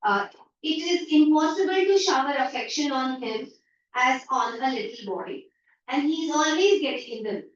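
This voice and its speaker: A woman's voice: high-pitched, expressive, moderate pace, slight background noise. A woman teacher with an Indian English accent, explaining a story in an online class by paraphrasing lines and acting out everyday remarks. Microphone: video call. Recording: echoey, distant, dull online-call audio.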